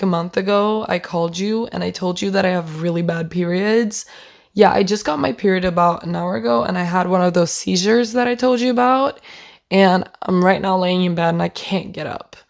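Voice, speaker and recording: A woman's voice: fairly low pitch, normal speed, vocal fry. A young woman, not a native English speaker, casually telling an indignant story with lots of fillers. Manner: animated, indignant retelling with fillers.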